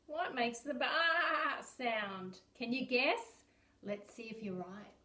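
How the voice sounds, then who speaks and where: An Australian woman teaches small children animal sounds in a slow, exaggerated sing-song, slipping into whispers. Her voice sits a little high. It rings in an echoey room, heard from a distance off the mic. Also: pushed and bright. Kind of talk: early-years animal sounds lesson.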